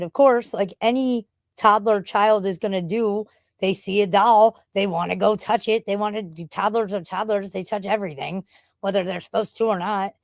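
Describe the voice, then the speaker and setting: A woman live streamer chatting casually and rambling, blunt and profane, often laughing. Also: medium pitch.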